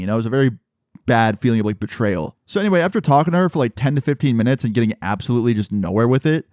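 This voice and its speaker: A man's voice: mid-range voice, darkish tone, no room sound, clean studio sound. A young man telling a long story casually, cursing freely and quoting the people involved. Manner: profane, rambling, retells dialogue in quotes.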